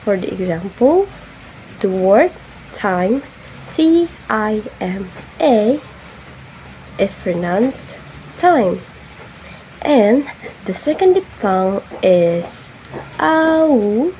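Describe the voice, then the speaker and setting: A woman's voice: medium pitch, very animated, extremely slow, mellow, a little hiss or hum, low-quality recording. A young woman giving a classroom presentation, carefully spelling out example words letter by letter. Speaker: student presenter.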